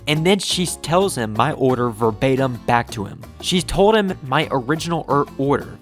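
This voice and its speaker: A soft-spoken young man, telling an embarrassing story in a rambling, self-conscious way. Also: medium pitch. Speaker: storytime vlogger. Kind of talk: storytime rant.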